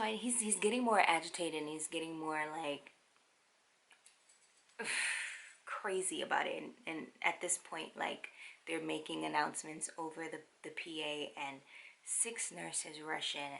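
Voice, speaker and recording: A young woman telling a personal story in a casual, animated, wry way. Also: sits low, creaky. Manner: animated, wry, quotes others in quick asides. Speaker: vlogger.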